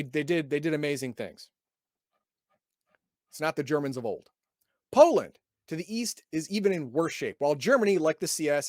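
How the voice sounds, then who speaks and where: A man's voice: fairly high pitch, no echo, studio quality. A man hosting a casual chat, reading passages from a game book aloud and adding sarcastic asides, often stumbling and repeating words. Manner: sarcastic, reads passages then adds wry asides. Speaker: podcast host reviewing a game book.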